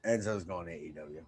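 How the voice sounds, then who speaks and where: A man's voice: low-pitched, darkish tone, husky. Joking, profane podcast co-host man. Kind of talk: casual chat.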